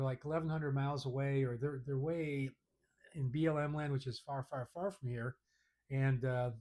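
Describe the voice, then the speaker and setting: A man's voice: medium pitch, darkish tone. A man vlogging to his viewers in a rambling, casual chat full of fillers and restarts.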